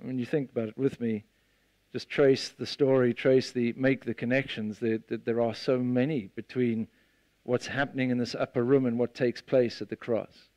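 A man preaching a sermon, retelling a scene with lively storytelling and acting out the voices of the people in it. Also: medium pitch, moderate pace, no room sound. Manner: animated storytelling, acts out the disciples' voices.

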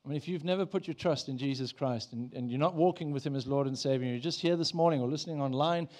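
A man's voice: mid-range voice, fast, darkish tone. A man preaches in a church with a mid-range voice. His sermon is conversational, with questions tossed to the congregation. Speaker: pastor.

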